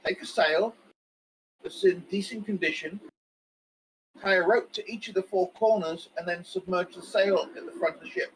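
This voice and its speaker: A man with a slightly high voice plays a tabletop game, talking through practical plans in a plain, steady way. Faint noise sits under his voice. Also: normal speed, rough recording. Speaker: player. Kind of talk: casual tabletop play.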